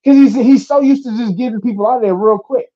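Animated young male fighter, dull audio. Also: extremely high pitch, fast talker. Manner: animated storytelling, acts out quotes, swears freely. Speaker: UFC fighter. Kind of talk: casual interview chat.

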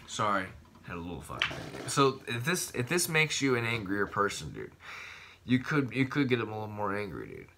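A man's voice: on the low side, wildly swooping pitch, a little fast, vocal fry, bright, forceful tone, a little hiss or hum. A young man vlogging about fitness in a casual, profane, rambling way, saying "dude" constantly. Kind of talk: casual vlog talk.

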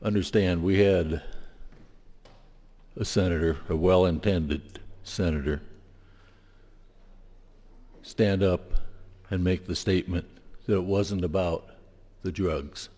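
Deep voiced guy senator talking slow and steady, echoey chamber. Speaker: state senator. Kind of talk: legislative floor speech. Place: legislative chamber. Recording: long hall reverb.

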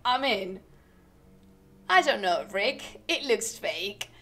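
A young woman whose first language is not English, ranting on a live stream in an animated, exasperated way and thinking aloud. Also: a little high, slow pace, long pauses. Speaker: streamer and researcher. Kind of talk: casual ranting stream commentary.

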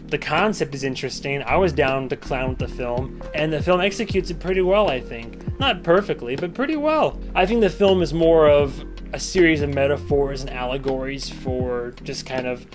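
A man giving a casual spoken movie review, rambling and correcting himself as he goes. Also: a little high. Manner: rambling, self-correcting, chatty. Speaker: film reviewer.

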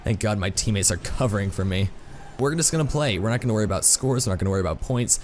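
Brief: male gaming YouTuber, lowish voice, excitable and self-deprecating, with light background hiss. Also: quick pace. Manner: excitable, self-mocking, full of exclamations. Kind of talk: live gameplay commentary.

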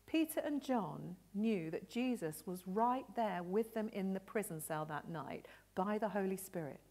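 A woman telling a Bible story gently and expressively for an all-age church service. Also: mid-range voice, expressive, unhurried, hardly any pauses. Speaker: children's storyteller.

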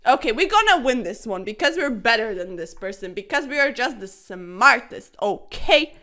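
A young woman playing chess online who grumbles at her opponent, calls him sir, and swings from yelling to muttering. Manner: loud and exasperated, then low and deflated. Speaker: chess streamer. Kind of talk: frustrated chess commentary to camera.

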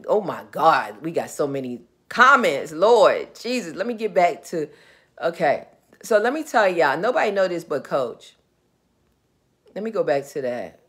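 A woman with a New York accent hosting a live business Q&A, chatty and digressive, talking straight to viewers. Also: sits low. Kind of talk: casual live-stream chat. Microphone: webcam or phone on a live video stream.

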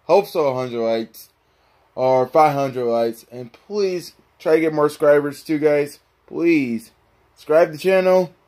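A man's voice: a little high, a little slow, a little mellow. A man talking casually to his viewers, rambling and pleading for likes and subscribers. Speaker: YouTuber. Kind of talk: casual vlog talk.

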